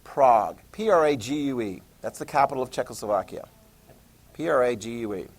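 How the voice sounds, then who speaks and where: A man teaching a history lesson, telling events as a lively story, repeating key terms for note-taking and briefly mimicking leaders in quick voices. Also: medium pitch. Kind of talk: classroom lecture.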